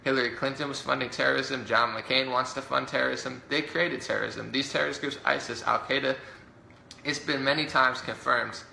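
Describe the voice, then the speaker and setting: A man delivering a heated, indignant political rant to camera, talking fast with many fillers and mocking his opponents. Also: medium pitch, fairly even intonation, creaky, pushed and bright, a little hiss or hum. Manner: rapid, indignant, mocks opponents in put-on voices. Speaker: political commentator. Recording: roomy echo.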